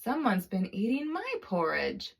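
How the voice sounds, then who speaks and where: A woman's voice: medium pitch, wildly swooping pitch, unhurried, creaky, full character voice. A woman voicing a grown female Mama Bear in a storybook tale, with a medium-sized, raised voice. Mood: indignant.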